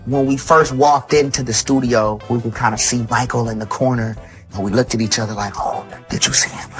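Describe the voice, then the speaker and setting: A man's voice: medium pitch, fairly even intonation, fairly quick, soft background music. A man playfully retelling a story in an interview. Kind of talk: interview anecdote.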